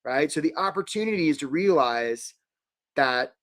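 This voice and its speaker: A man hosting a live career webinar, energetic and jokey, acting out quick little quoted voices. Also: on the high side.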